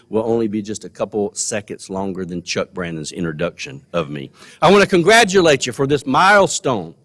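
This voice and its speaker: A man's voice: mid-range voice, a bit bright. An older man giving a folksy, earnest commencement speech, repeating words for emphasis. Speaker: commencement speaker. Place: large college gymnasium. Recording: long hall reverb.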